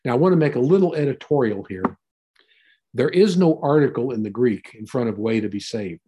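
A man's voice: medium pitch, animated, brisk, warm tone, slightly rough. A man teaching a Bible passage in a conversational sermon, retelling and explaining it in a folksy way.

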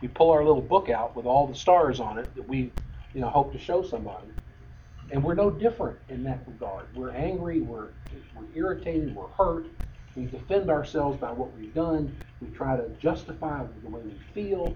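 A man's voice: medium pitch, animated, normal speed. A middle-aged man preaching a sermon in a conversational way, full of fillers and restarts. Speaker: pastor. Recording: dull lo-fi sound with faint noise.

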